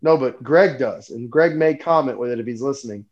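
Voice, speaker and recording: A man from North Carolina co-hosting a live podcast, loud and profane, talking over the others in casual banter. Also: medium pitch, fairly quick, lo-fi sound. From North Carolina, USA. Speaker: podcast co-host.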